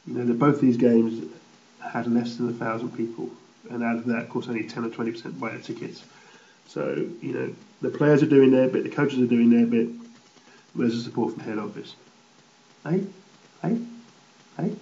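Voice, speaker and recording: A blunt man runs through the weekend's football results in a loose, rambling way, swearing without a second thought. His voice is dark and mellow. The recording is roomy and a little dull. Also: mid-range voice, fairly even intonation, a little fast. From England. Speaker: football show host. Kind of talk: casual spoken results roundup.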